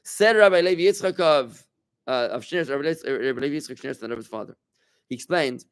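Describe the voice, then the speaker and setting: With a mid-range, expressive, clean-toned voice, this rabbi talks a little fast as he runs a relaxed class for a small group in a room. His delivery is conversational and full of restarts, and he regularly puts questions to his audience.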